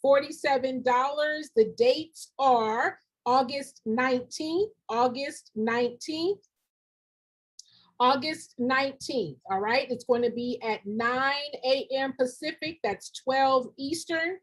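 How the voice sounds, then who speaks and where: Fiery, husky-voiced woman preaching straight talk. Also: high-pitched, slow pace. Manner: direct, preachy, repetitive emphasis; colloquial, says y'all and ain't. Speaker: nonprofit grant consultant. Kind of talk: live-streamed motivational talk.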